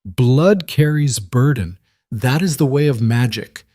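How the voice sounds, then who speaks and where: Male narrator voicing a cruel ancient witch, mocking and menacing, pitched up. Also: animated, measured pace, dark tone, no room sound, studio quality. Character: cruel ancient witch woman, taunting and cold.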